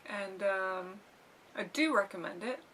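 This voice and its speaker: A woman's voice: medium pitch, expressive, a little slow, bright, forceful tone, poor audio. Chatty woman co-hosting a film chat. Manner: chatty, playful, lots of fillers. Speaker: co-host. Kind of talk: casual film review chat.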